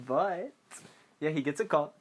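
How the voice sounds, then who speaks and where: A man's voice: fairly high pitch, slow pace, husky. Rambling, giggly young man recapping a movie. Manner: rambling, giggly, acts out characters' lines. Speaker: podcast host.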